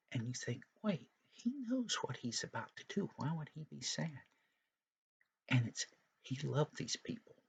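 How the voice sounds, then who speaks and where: A man's voice: mid-range voice, gravelly, a bit bright, slightly rough. A man teaching Sunday school, retelling a Bible story for young children in a folksy, explanatory way with frequent asides.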